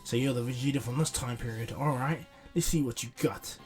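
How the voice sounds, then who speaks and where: A man's voice: mid-range voice, a little fast, darkish tone, soft background music, close to an everyday voice. A man voicing a proud warrior prince, speaking curtly and haughtily. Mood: haughty.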